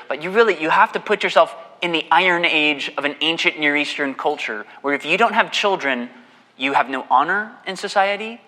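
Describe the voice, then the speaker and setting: A man preaching a sermon as a pastor, talking in an animated way and mocking the people in his story. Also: fairly high pitch, in a large hall. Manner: animated, mocking voice for quoted husband.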